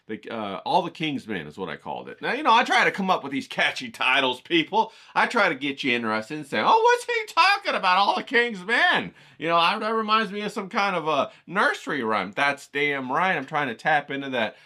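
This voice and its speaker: Fairly high and sharp, this man's voice leaps around in pitch as he talks quite fast with few pauses. Hosting an art livestream, he gives a wandering, folksy, casual monologue, repeatedly asking "you know what I'm saying."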